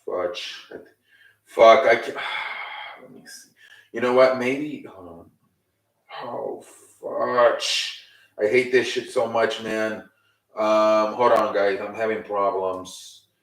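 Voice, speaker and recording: A man's voice: fairly low pitch, fairly even intonation, takes it slowly, a bit bright, reverberant, recorded from a distance, low-quality recording. A man hosting a casual, improvised recap show. He rambles, swears and openly shows his frustration. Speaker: host.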